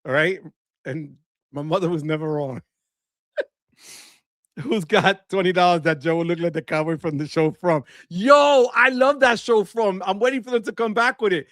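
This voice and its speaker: A man's voice: fairly high pitch, moderate pace, pauses often, no echo, clean studio sound. A man hosting a casual livestream, reading the chat, greeting viewers by name and laughing often. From Bronx, New York. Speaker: livestream host.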